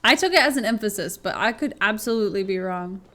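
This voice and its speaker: A woman's voice: medium pitch, lively intonation, fast talker, sharp tone. A woman streaming a game live, chatty and giggly, talking to her viewers and swearing now and then. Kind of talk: casual chat while gaming on stream.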